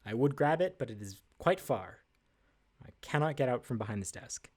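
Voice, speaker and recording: This livestream trivia host talks from a desk indoors with a medium-pitched, expressive voice at a moderate pace. His manner is chatty and upbeat, full of frequent fillers and jokes at his own expense.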